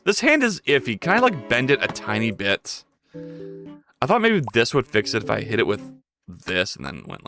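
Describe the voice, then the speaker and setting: A live streamer chatting casually while working, rambling in self-talk and breaking into sudden loud outbursts and swearing. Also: medium pitch.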